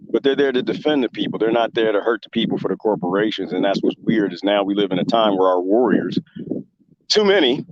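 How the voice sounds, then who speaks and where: A man's voice: mid-range voice, no room sound, dull audio. A man hosting a talk show in casual commentary, passionate and rambling as he makes his point. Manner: impassioned, rambling, with lively imitated quotes. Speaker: show host.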